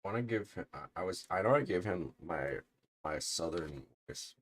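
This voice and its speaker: A man's voice: low voice, lively intonation, normal speed. A man casually playing through a story game and chatting aside between character voices. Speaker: streamer reading a game aloud.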